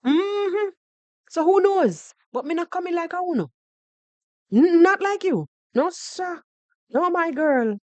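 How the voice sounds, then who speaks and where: A woman's voice: extremely high pitch, slow pace, no room sound, lo-fi sound. A woman with a Jamaican accent hosting a podcast, giving heated reaction commentary with a mocking edge, slipping into patois and repeating herself as she argues. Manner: animated, mocking, switching into patois, repeating words. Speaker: podcast host reacting to other creators.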